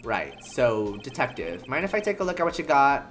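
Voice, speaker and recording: An earnest young game lawyer, as a woman reads him out, polite and a little nervous, tripping over a word now and then. The voice sits very low and plain. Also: very animated, moderate pace, faint music behind. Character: earnest young male defense attorney.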